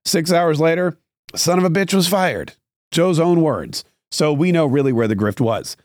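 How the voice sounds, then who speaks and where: A man's voice: on the high side, normal speed, dry recording, studio quality. A man hosting a political podcast, giving sarcastic, rambling opinion commentary with frequent restarts.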